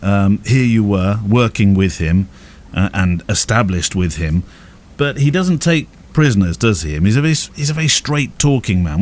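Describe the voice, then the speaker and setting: Male podcast host, fairly low voice, halting questions. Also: darkish tone. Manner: hesitant, searching questions with fillers. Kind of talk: interview questions.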